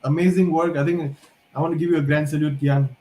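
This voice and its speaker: A man with a mellow, fairly high voice warmly praises a young guest. He sounds echoey and a little distant, with a faint hiss behind him. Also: flat delivery, fast. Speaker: panel guest. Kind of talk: casual group chat.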